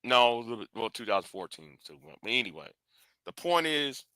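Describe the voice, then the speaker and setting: A man's voice: mid-range voice, very animated, fairly quick, pushed and bright, no echo, clean studio sound. A man hosting a live stream, speaking bluntly and confrontationally, often restarting and repeating words.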